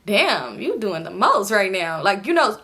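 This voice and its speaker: A young woman telling a storytime tale in casual slangy chat, acting out her friends' lines with lively voice changes. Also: mid-range voice, measured pace. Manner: animated, acts out quoted friends in raised voices. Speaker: storytime vlogger.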